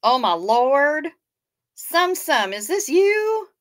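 A woman with a Midwestern American accent hosts a livestream, chatting casually as she reacts to viewer photos. Her voice is bright and lively, and she talks at an easy, unhurried pace. She sounds playful and gushing. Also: high voice. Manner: gushing, playful, laid-back. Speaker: livestream host. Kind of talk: casual chat reading viewer comments.

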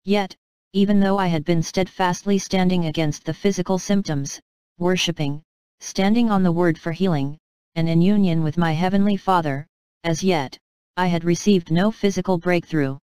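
A woman narrates her own devotional memoir with an earnest, measured delivery. Her voice sits a little low and sounds smooth and clear. The recording is close and dry. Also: mellow, dry recording, low-quality recording.

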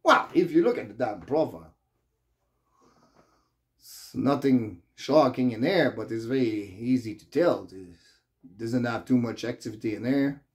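Male vlogger, Quebec French accent, French native, rambling profane rant in loose English, mid-pitched voice. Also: expressive, a little slow. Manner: rambling, swears freely, loose non-native grammar. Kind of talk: casual rant to camera.

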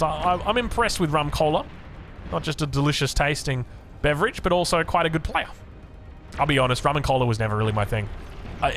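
A man's voice: on the high side, a bit bright, slight background noise. A man with an Australian accent giving chatty, rambling commentary on a strategy game match. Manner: chatty, rambling asides, frequent restarts. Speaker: game caster.

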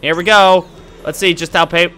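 A man giving goofy, excitable commentary while playing a video game. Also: sits high, normal speed, soft background music. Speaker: gaming YouTuber. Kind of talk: casual let's-play commentary.

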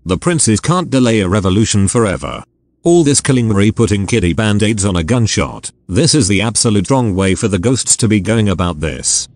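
A man's voice: lowish voice, normal speed, no room sound, close to an everyday voice. A man's synthetic text-to-speech voice reading the lines of a bitter male spy agent who is quitting his agency. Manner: flat synthetic delivery.

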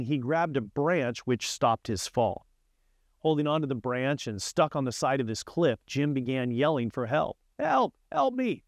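A man's voice: mid-range voice, no echo, clean studio sound. A man giving a short devotional sermon, telling a joke with its characters' voices, and closing with a prayer. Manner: storytelling, voices a joke's characters. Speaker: pastor.

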